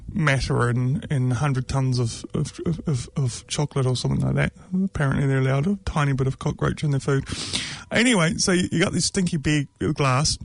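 A man's voice: mid-range voice, gravelly, no room sound. A man, talking casually and jokingly, rambling with many ums and mocking asides. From New Zealand. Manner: rambling, joking, mocking, with frequent filler words. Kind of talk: casual opinion monologue.

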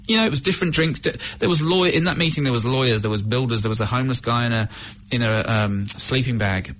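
A middle-aged man from the UK speaks in a fairly low voice, telling his own story of recovery. He is candid and reflective, often pausing and restarting his sentences. A faint ambient noise sits under the recording. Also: a bit bright. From United Kingdom. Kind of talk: personal testimony.

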